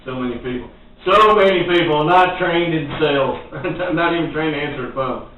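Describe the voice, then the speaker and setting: Folksy man, high-voiced sales trainer, rambling motivational talk, recorded from afar in a very echoey room. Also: moderate pace. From Western Kentucky. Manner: folksy and rambling, laughing often. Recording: echoey, distant, tinny phone-like audio with faint noise.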